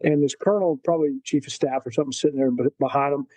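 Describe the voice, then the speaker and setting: Mellow-voiced man telling war stories. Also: fairly high pitch, rapid-fire, no echo, poor audio. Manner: animated storyteller who acts out quotes. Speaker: podcast guest, Marine veteran. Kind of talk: casual storytelling.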